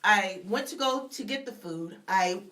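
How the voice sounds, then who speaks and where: A woman's voice: medium pitch, animated, measured pace, fairly bright tone. A woman shares a faith testimony as a radio guest, speaking emphatically. She builds her points with preacher-like repetition. She slips into the voices of the people in her story as she goes. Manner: emphatic, storytelling, acts out dialogue. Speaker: author and public speaker, guest.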